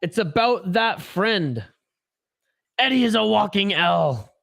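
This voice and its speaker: A man's voice: sits high, animated, takes it slowly, gravelly, fairly bright tone, no room sound, clean studio sound. A man hosting a casual livestream, chatty and joking as he reads viewer comments aloud. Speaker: host of a hockey watch-along livestream.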